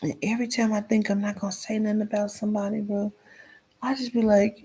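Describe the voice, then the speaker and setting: Blunt, gravelly woman ranting. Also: medium pitch, little pitch movement, fast talker, warm tone. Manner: blunt, profane, drops into whispers for emphasis. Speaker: commentary vlogger. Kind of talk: casual commentary rant.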